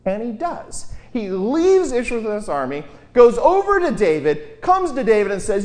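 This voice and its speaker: Animated man telling a Bible story. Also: high voice, measured pace, few pauses. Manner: lively, wry storytelling with quoted voices. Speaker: lecturer. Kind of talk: informal Bible lecture.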